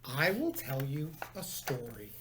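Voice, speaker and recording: Man voicing a courteous, gentle panda bear. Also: medium pitch, big pitch swings, unhurried, slight background noise, pitched below the performer's own voice. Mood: polite.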